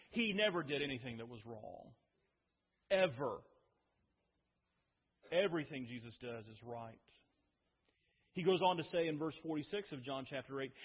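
A man preaching a sermon, talking conversationally and firing off rhetorical questions with dramatic pauses. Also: on the high side, slightly rough. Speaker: pastor. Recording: phone-like audio with long hall reverb.

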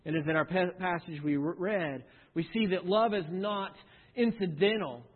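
A man's voice: high voice, normal speed. A man preaching a sermon, earnest, often repeating a word as he restarts and asking the listeners questions. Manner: earnest, stumbles and repeats words, rhetorical questions. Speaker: pastor. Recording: tinny phone-like sound with long hall reverb.

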